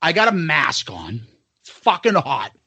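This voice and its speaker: A raspy man with a high, lively voice spins a profane story for his podcast co-host, acting out every person he meets. The sound is close and dry. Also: unhurried, no room sound. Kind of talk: casual storytelling chat.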